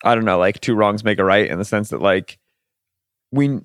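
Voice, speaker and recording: A man's voice: fairly low pitch, moderate pace, no room sound, clean studio sound. A man co-hosting a podcast, musing aloud in casual chat with rhetorical questions. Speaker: podcast co-host.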